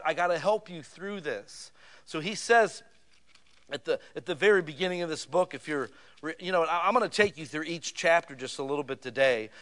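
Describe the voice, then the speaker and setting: Middle-aged pastor guy preaching, high voice, folksy and animated, gets loud and soft. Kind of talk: sermon.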